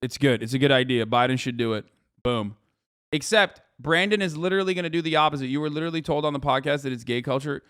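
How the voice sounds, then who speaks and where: A man's voice: mid-range voice, fast, a bit bright, smooth, no echo, clean studio sound. A man hosting a live stream, joking crudely and rambling in casual chat. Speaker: streamer host.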